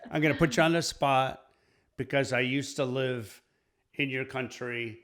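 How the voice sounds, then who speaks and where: A middle-aged man hosting an interview, asking questions in a halting way and often repeating words. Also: mid-range voice, fairly even intonation, a bit bright. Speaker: interview host. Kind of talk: casual interview.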